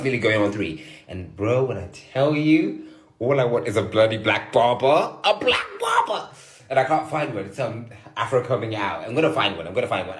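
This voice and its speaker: A man's voice: on the low side, echoey room. A man telling a story to camera who acts out both sides of a conversation. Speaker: TikTok creator.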